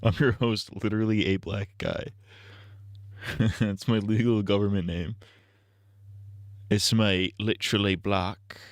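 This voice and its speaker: A male streamer chatting casually over gameplay, rambling from joke to joke and laughing often. His voice sits low. The sound is dry and close on a desk mic. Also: little pitch movement, a little slow, pauses often, no echo. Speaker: streamer, host.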